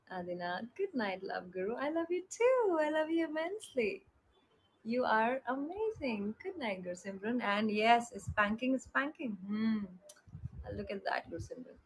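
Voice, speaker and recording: A young Indian woman with a bright, high voice talks to her followers on a live stream. She greets each viewer by name, blows kisses and fusses over them in a warm, affectionate way. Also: slight background noise, rough recording. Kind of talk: casual live-stream chat.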